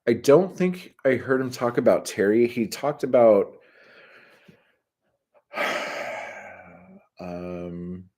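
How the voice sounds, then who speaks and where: A man's voice: medium pitch, animated, extremely slow, long pauses, a little mellow. A man casually telling rambling, profanity-laced stories and answering his live chat, full of filler words.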